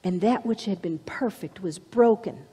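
A woman's voice: mid-range voice, a little slow, mellow, slightly rough, in a large hall. A woman preaching a sermon with dramatic storytelling, dropping to whispers for emphasis. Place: church.

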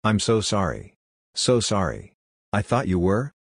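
Man reading a worn-out father raging in his sleep, low and husky, dry sound. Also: big pitch swings, unhurried, no echo, full character voice. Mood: remorseful. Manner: shouting curses, then mumbling apologies. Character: traumatized exhausted working father, raging in nightmare.

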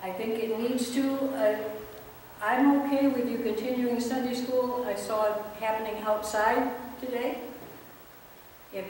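A woman pastor leading a prayer and making church announcements in a calm, measured, plain-spoken way. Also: on the high side. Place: church sanctuary. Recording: echoey church hall, distant mic, faint noise.

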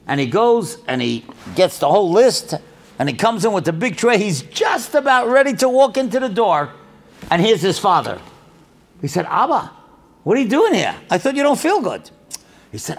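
A man's voice: high-pitched, normal speed. An older man giving a storytelling talk at a religious event, acting out the people in his stories as he goes. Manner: animated storyteller who acts out dialogue.

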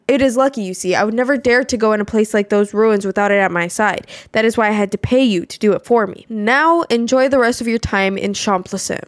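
A woman's voice: fairly high pitch, dry recording, clean studio sound, natural voice. A woman voicing a fussy, superstitious middle-aged Frenchman from a video game, speaking in a formal, theatrical manner.

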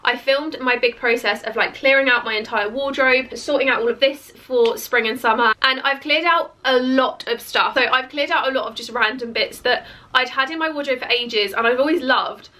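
A woman chatting casually through a clothing haul, her voice croaky and cracking from hiccups, with lots of "like" fillers. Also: high-pitched, moderate pace, pushed and bright. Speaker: fashion vlogger. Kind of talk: casual try-on haul chat. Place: bedroom beside a clothes rail.

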